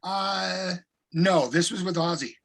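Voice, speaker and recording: Casting: husky middle-aged man, relaxed interview guest, lively anecdotes, slightly high voice. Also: takes it slowly. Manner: animated anecdotes with profanity. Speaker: guest singer. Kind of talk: casual interview storytelling.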